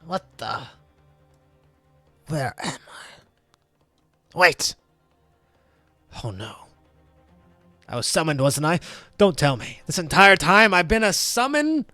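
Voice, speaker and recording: A man's voice: on the high side, very animated, slow, pauses often, sharp tone, dry recording, soft background music, heavily acted. A man doing a giddy, whiny necromancer spirit. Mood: panicked. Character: panicky goofy male necromancer spirit.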